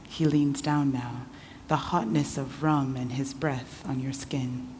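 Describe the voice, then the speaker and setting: A woman author reading her fiction aloud at a festival in a measured, intimate voice. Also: very deep voice, steady tone, darkish tone, a little hiss or hum. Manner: measured, intimate second-person narration. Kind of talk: literary reading. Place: literature festival event.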